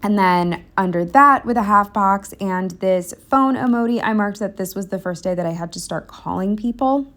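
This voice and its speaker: Young woman vlogger, mid pitch, candid rambling voice-over, a bit breathless. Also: moderate pace, few pauses, fairly bright tone. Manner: candid, self-deprecating, rambling with fillers. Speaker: planner vlogger. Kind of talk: casual voice-over narration.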